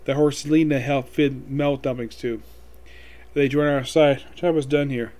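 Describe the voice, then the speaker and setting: A man casually recapping a manga chapter, rambling and reading lines aloud in quick voices. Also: mid-range voice, fairly even intonation, a little mellow. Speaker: manga reviewer.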